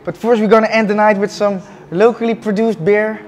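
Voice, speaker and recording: A young man hosting a travel vlog, talking to camera in a relaxed, chatty way with loose phrasing. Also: sits high, brisk, a little hiss or hum. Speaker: travel vlogger host. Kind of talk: casual vlog narration to camera.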